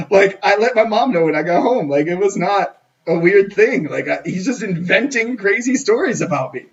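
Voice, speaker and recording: Animated man telling a story from afar. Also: high voice, moderate pace. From United States. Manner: animated, acts out quoted people in his story. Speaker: college counselor, channel host. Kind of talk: casual storytelling livestream. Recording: dull lo-fi audio from a distant mic.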